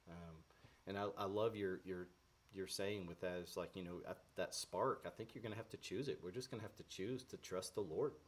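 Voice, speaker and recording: Speaking earnestly in a somewhat low voice, a man leads a devotional in a laid-back, conversational manner. He pauses often with fillers and restarts his phrases.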